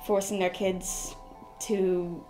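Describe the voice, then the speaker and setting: A woman's voice: medium pitch, flat delivery, slow pace, over music. A young woman with an Irish accent, speaking casually in an interview and laughing easily. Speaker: documentary interviewee. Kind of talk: personal interview testimony.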